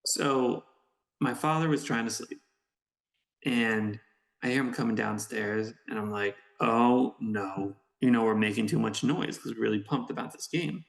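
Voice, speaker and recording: A man co-hosting a casual podcast chat, with a gravelly, creaky edge in his voice. He tells stories with animation and acts out how people reacted. He is recorded in an echoey room. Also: mid-range voice. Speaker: podcast co-host.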